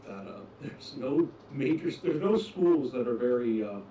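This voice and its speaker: A man's voice: medium pitch, animated, a little slow, mellow. A man playing in a tabletop game, teasing the other players in casual chat. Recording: distant echoey mic with faint noise.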